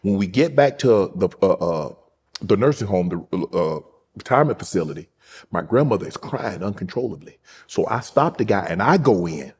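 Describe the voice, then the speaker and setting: A man hosting an interview, telling a heartfelt personal story slowly and quietly. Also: fairly low pitch, expressive, slightly rough. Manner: slow, heartfelt storytelling, dropping soft at emotional points. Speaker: host. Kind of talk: casual interview talk.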